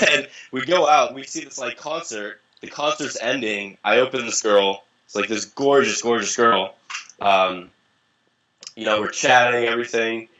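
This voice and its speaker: A man's voice: mid-range voice, unhurried, muffled recording. A young man, a guest in an interview, telling casual, profane anecdotes and acting out what people said. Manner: animated, profane, acts out quoted voices. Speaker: interview guest, dating coach. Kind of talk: casual storytelling.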